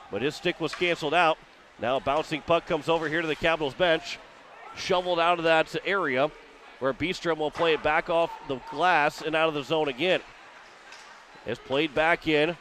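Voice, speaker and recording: A man's voice: fairly high pitch, fairly bright tone, a little hiss or hum. A man from Missouri calling hockey play-by-play for radio, rattling off the action and rising as plays build. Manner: rapid running description, rising with the action. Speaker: play-by-play announcer.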